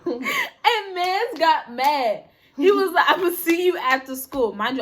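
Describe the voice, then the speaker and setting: High-voiced young woman, lively storyteller. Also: unhurried. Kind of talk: casual storytelling chat.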